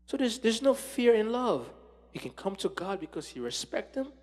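A man preaching a sermon with passion, swinging from loud exclamations to hushed tones. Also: high-pitched, sing-song, normal speed. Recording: long hall reverb.

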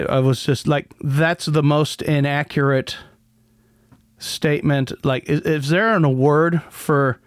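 A man's voice: a little high, smooth, dry recording. A man hosting a casual solo podcast, rambling with many restarts and a sardonic edge. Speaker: podcast host.

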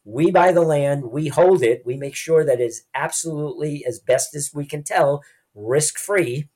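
A man in his sixties, a land banking consultant, explaining in a lively conversational way and acting out quotes. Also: fairly high pitch, measured pace. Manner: lively storyteller who acts out quoted voices.

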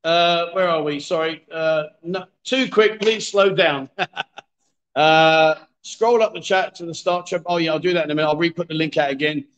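A middle-aged man runs a live stream from a bar, coaxing the players and teasing them in a chatty, joking way. His voice sits fairly high for a man. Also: moderate pace, a bit bright, muffled recording. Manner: jokey, coaxing, chatty with viewers. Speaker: livestream host. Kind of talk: live-streamed pool game commentary. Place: bar with a pool table.

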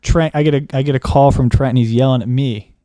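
Male co-host, mellow tone, dry recording, prompts with questions in a casual podcast chat. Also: mid-range voice, steady tone, quick pace, no room sound. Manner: prompting questions, brief interjections.

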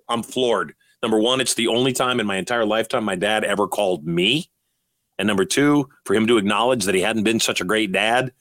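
A middle-aged man hosting a podcast, telling personal stories in an earnest, motivational way with slow, emphatic lines. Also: on the low side, fairly bright tone, dry recording, clean studio sound. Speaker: podcast host. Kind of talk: motivational talk.

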